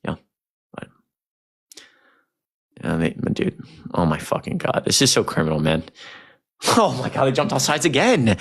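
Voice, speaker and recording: A young man hosting a casual livestream, talking to chat in a rambling, animated way with plenty of swearing. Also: medium pitch, normal speed, vocal fry, long pauses, husky. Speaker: streamer.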